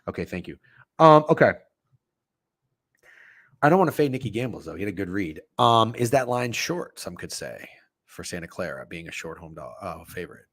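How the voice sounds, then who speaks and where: Young male betting-stream host; profane, scattered delivery, animated low voice. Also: normal speed, pauses often, no echo, clean studio sound. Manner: profane, rambling, self-interrupting. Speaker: sports betting show host. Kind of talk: live-streamed betting chat reading chat comments.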